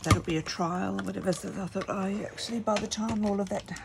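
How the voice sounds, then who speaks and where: A woman's voice: mid-range voice, steady tone, fairly quick, creaky, heavy background noise. A middle-aged woman, chatting casually and telling rambling stories while she crafts at home. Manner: rambling storytelling with many fillers. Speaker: craft vlogger.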